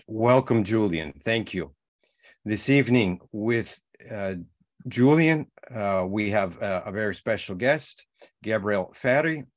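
A man opens an evening talk as host, welcoming the guests and speakers. He is formal but hesitant, with many uhs and restarts. His voice sits low. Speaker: director of education, event host. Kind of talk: formal event introduction.

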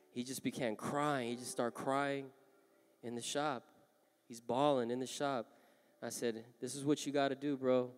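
A man with a Southern Californian accent preaches a sermon in a big church hall, his voice at an ordinary middle pitch. He shifts between quiet storytelling and rising, impassioned calls to the crowd. The long reverb of the hall trails every phrase, and soft instrumental music plays behind him. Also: flat delivery, moderate pace. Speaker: pastor. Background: music playing.

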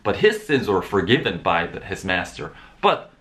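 A man's voice: deep voice, big pitch swings, normal speed, pushed and bright. A man giving an informal sermon, often restarting his words and rising into emphatic bursts. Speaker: preacher.

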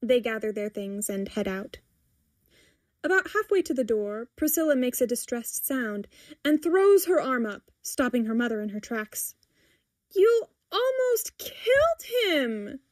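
A woman reading a scripted comic story aloud in a wry, measured way. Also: on the high side, lively intonation, a little mellow, dry recording, studio quality. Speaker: story reader. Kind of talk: scripted narration.

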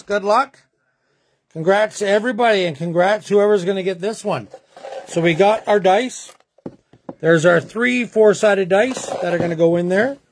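A man hosting a sports card break, chatting folksily to viewers as he rolls dice and calls out teams. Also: sits high. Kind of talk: casual live card break commentary.

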